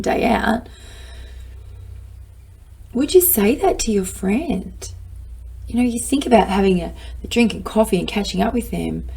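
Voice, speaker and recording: Gravelly, husky woman speaker. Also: mid-range voice. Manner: lively, playful, acts out her inner voice. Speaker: self-help speaker. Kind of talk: motivational talk to camera.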